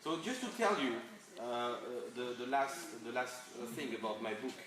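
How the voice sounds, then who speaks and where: Speaking with a French accent, a guest speaker from France delivers a chatty workshop talk full of fillers, restarts, and laughter. His medium-pitched voice is sing-song and a bit bright at a moderate pace. The recording comes from far off in an echoey event hall, with the audience audible.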